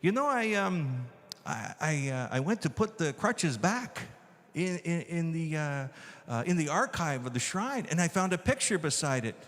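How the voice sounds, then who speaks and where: A man putting on a French accent to voice a halting male shrine manager, heard with long hall reverb. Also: fairly high pitch, big pitch swings, a bit bright. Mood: hesitant. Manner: halting, stumbling over words.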